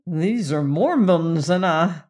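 A narrator voicing a laconic, steely gunfighter who speaks in a low, slow drawl in a western audiobook story. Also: expressive, a little mellow. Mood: steely calm. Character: laconic cold gunman rider, calm and steely.

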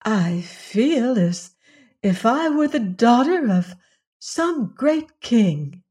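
A woman reading a gentle young princess. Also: a little high, very animated, extremely slow, slightly rough, pitched above the performer's own voice, full character voice. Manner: soft and polite.

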